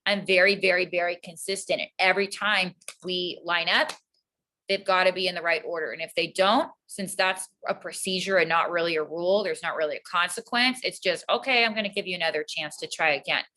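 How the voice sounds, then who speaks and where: Woman, teacher guest, calm and earnest, bright low voice. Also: brisk, poor audio. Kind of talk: casual interview answer.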